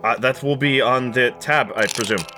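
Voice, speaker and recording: A man's voice: fairly low pitch, expressive, moderate pace, sharp tone, faint music behind. A man voicing a nervous, overly polite male railway attendant who stammers and keeps saying sir.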